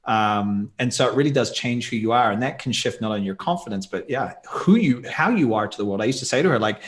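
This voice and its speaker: A man's voice: on the low side, expressive, fast, hardly any pauses. A man talking in a casual podcast interview as a guest, thoughtful and rambling with many asides.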